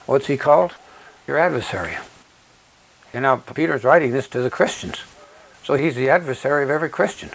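A man preaching a sermon, reading from scripture and explaining it in an earnest, deliberate way, stressing key words. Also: mid-range voice, lively intonation, creaky, low-quality recording.

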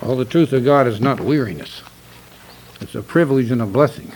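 An older man preaching a sermon, stern and emphatic, slowing down to read scripture aloud. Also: medium pitch, darkish tone, slight background noise, low-quality recording.

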